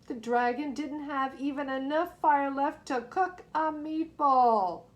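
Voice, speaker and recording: A woman reading a picture book aloud to young children, expressive and asking them questions. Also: high-pitched, slow, dull audio. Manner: expressive, gasps and asks the listeners questions. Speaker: children's story reader.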